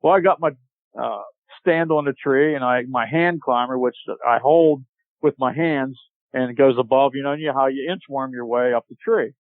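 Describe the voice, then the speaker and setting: A man guest on a podcast, telling a long hunting story in a casual, animated way and acting out what people said. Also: mid-range voice, moderate pace, dry recording. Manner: animated storyteller, acts out shouted quotes. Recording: tinny phone-like line, dry.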